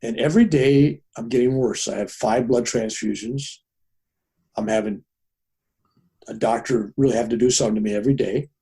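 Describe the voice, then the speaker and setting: A man's voice: mid-range voice, moderate pace, breathy edge. Older man telling a vivid story. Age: 70s. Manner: animated storyteller, voices the people in his story. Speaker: guest. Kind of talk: podcast interview storytelling.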